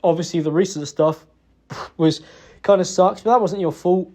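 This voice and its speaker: A man making a halting, remorseful apology in a private recording, with many pauses and restarts. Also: high voice, fairly even intonation, dark tone. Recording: dull lo-fi recording.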